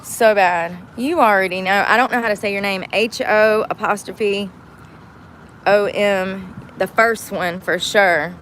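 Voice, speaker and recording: A woman talks to her livestream from a truck at a gas station. She is rambling, candid and salty-mouthed, with a mid-pitched voice. Faint vehicle noise hums behind her on a phone mic. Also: fairly even intonation, unhurried, fairly bright tone. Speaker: vlogger. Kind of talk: casual chatty livestream.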